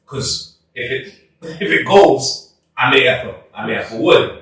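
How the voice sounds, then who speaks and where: A man chatting casually as a podcast co-host, animated and laughing, slipping into street slang. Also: mid-range voice, moderate pace. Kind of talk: casual chat. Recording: echoey room, far from the mic.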